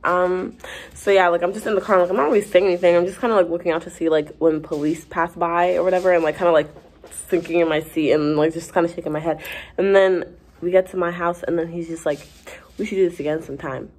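Young female vlogger, low husky voice, casual animated storytelling. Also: fast talker. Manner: chatty, animated, many fillers, laughs through the story.

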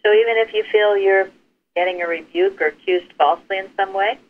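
A man leading an informal Bible study discussion, speaking earnestly and encouragingly, sometimes trailing off softly. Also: high voice, fairly even intonation, brisk. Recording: tinny phone line with faint hiss.

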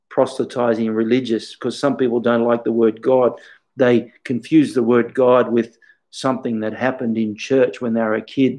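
Earnest man with a mellow voice. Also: mid-range voice, rough recording. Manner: earnest, reflective storytelling. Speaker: karate instructor. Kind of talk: casual talk in an interview.

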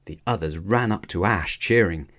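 A man narrates a children's adventure book aloud with expressive, measured storytelling. His voice sits on the low side. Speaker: storybook reader.

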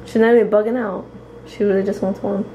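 A woman's voice: mid-range voice, flat delivery, fast, warm tone, reverberant, slight background noise. A woman vlogging at home over dinner, chatting casually and teasing with a light, laughing manner. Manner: playful and teasing, laughs often. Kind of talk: casual family chat.

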